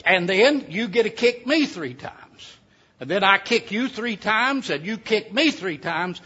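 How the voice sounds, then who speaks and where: Preacher doing a sly old mountaineer, high and husky, slow warning drawl. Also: male voice, lively intonation, pushed and bright, full character voice. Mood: sly, folksy. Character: scrawny ninety-year-old mountain man, stubborn and sly. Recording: dull lo-fi sound.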